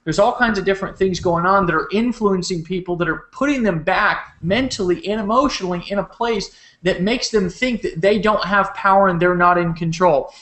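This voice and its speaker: A man hosting a late-night webcast from home, giving a fiery, profane sales pitch. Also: a little fast, a bit bright, roomy sound.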